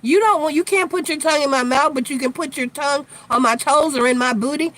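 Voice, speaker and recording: A woman runs a loose live tarot chat, talking bluntly and swearing freely. She is worn out from no sleep and yawns between thoughts. Her voice sits somewhat high. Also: fast, hardly any pauses, a bit bright. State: sleep-deprived, yawning. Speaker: tarot reader, live stream host.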